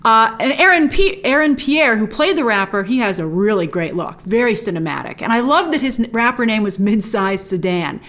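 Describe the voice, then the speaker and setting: A woman hosting a casual spoken film review, animated and emphatic, with frequent restarts. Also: fairly high pitch, normal speed, few pauses. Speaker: movie review host.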